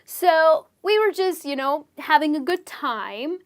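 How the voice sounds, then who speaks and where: A woman's voice: sits high, lively intonation, slow pace. A young woman from India, teaching slang expressions in a chatty lesson and checking in with "okay?". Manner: chatty, explains with stories and frequent "okay?" check-ins. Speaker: English teacher. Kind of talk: explaining slang in a video lesson.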